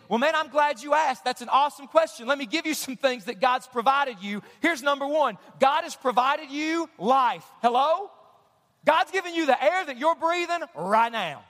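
A man preaching a sermon as pastor, energetic and calling on the congregation to answer him. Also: extremely high pitch, moderate pace. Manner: energetic preaching, calls for audience response. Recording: long hall reverb.

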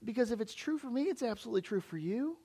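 High-voiced male preacher. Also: animated, fast, dark tone, breathy edge. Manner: conversational, questioning the congregation directly. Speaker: pastor. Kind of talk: sermon. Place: church.

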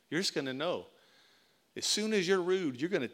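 A man's voice: fairly high pitch, normal speed, long pauses. A man preaching a sermon as pastor, telling stories and acting out little scenes as he goes. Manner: animated storytelling, acts out little scenes.

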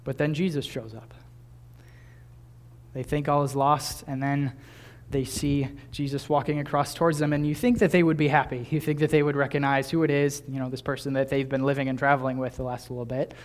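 A pastor in his twenties preaches a sermon at medium pitch, fairly quick and with little pitch movement. His manner is easygoing and chatty, and he often breaks off to restart phrases and lets out small laughs.

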